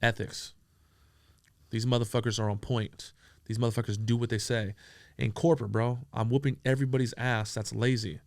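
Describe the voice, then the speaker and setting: A man from San Diego telling profane, animated stories as an interview guest, acting out the dialogue he quotes. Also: mid-range voice, a little fast, no echo, clean studio sound. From San Diego, USA. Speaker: entrepreneur guest. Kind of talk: casual storytelling interview.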